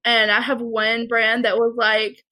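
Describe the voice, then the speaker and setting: Brief: young Southern woman, candid guest, giggly, fairly high and bright. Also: completely flat delivery, a little slow, low-quality recording. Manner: giggly, candid, laughs often. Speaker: podcast guest. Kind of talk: casual chat.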